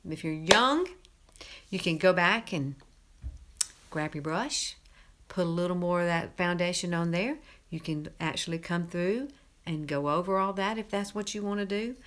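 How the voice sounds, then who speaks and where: A woman's voice: lowish voice, normal speed, fairly bright tone. A middle-aged woman from Alabama with a Southern accent, hosting a casual makeup tutorial in a chatty, folksy way and repeating herself for emphasis. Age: 50s. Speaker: beauty tutorial host.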